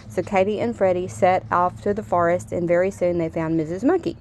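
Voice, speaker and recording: A woman reading a children's story aloud in a gentle, expressive storytelling manner. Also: on the low side, fairly quick, few pauses, a little hiss or hum.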